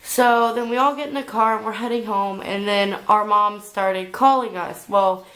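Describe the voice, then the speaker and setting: A woman's voice: mid-range voice, steady tone, normal speed, a bit bright, rough recording. A young adult woman telling a storytime vlog, rambling along with lots of filler "like"s. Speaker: vlogger.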